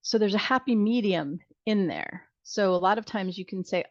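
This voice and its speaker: A middle-aged nursing instructor teaches students in a conversational recorded video-call lecture, acting out sample dialogues. Her medium-pitched voice moves at a normal speed with hardly any pauses, and the audio is dull and lo-fi with no echo.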